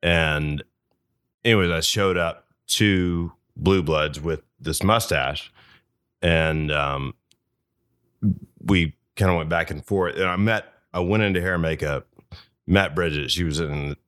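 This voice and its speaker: A man with a Southern US accent, a podcast guest telling stories in a halting, self-deprecating way. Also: very deep voice, a bit bright, clean tone, no echo, studio quality. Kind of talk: casual chat.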